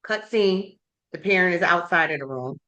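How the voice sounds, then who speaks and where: A woman's voice: lowish voice, animated, moderate pace, pushed and bright, dull audio. A woman in her thirties hosting a candid conversation, telling personal stories in a reflective, emotional way. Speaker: podcast host.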